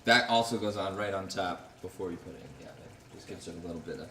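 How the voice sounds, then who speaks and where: A man casually chatting while cooking, relaxed and repeating phrases. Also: low-pitched, quick pace, recorded from a distance. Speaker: cook. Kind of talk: casual cooking demo chat. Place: kitchen. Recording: echoey kitchen, mic from afar, noisy. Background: frying and sizzling.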